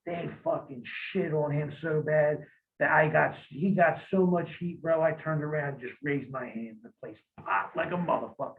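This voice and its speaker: A man's voice: a little high, normal speed. A man being interviewed as a guest, telling rambling, profane stories in a casual way. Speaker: interview guest, former pro wrestler. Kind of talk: casual storytelling. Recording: tinny phone-like line.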